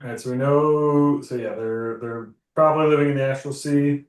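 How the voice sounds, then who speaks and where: A man's voice: medium pitch, fairly even intonation, moderate pace. A man playing a tabletop game, talking loosely and swearing casually. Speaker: player. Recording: roomy, distant mic.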